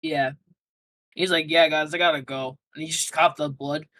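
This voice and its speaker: A man's voice: a little high, steady tone, moderate pace, bright, forceful tone, low-quality recording. A young man answering interview questions casually, rambling through a story with lots of fillers and restarts.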